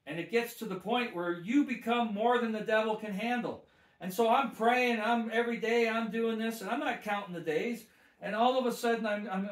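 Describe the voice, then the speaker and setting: A man's voice: high-pitched, fairly bright tone, roomy sound. A man, a minister, telling his testimony with emphatic, preacher-like repetition. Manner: emphatic preacher, repeats phrases with rising force. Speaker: guest minister. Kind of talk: testimony storytelling.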